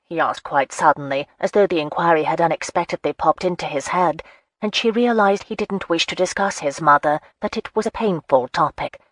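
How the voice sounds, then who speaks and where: A woman narrating a romance audiobook in a steady, even storytelling manner. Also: fairly low pitch, a little fast, dry recording. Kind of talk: scripted narration.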